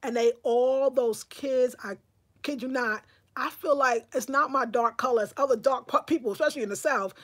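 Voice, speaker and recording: A woman hosting a livestream in casual chat, reading viewer comments aloud and answering them in a talkative, animated way, with bursts of excited exclamation. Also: sits high, normal speed. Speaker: livestream host.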